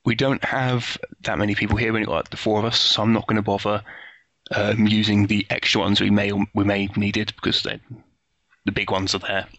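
A man's voice: lowish voice, flat delivery, a little fast, fairly bright tone, no echo. A man acting as game master over a voice call, explaining the setting at length with many fillers and restarts. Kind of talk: casual tabletop game narration. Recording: lo-fi voice call audio.

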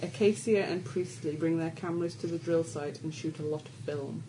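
A woman's voice: deep voice, steady tone, normal speed, noisy background. Woman reading out a game session. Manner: casual, teasing, laughs while reading. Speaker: stand-in game master. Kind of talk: reading out a tabletop game scenario.

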